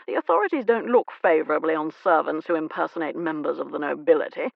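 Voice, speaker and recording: A man's voice: fairly high pitch, lively intonation, quick pace, vocal fry, dry recording, lo-fi sound. A woman doing a snide, drawling Regency earl. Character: arrogant predatory Regency earl, snide and menacing.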